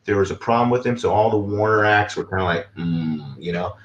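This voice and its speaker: A man's voice: fairly low pitch, fast, a bit bright, echoey room, dull audio, a little hiss or hum. A man who is a guest musician, chatting casually in an interview over a video call, rambling with lots of fillers.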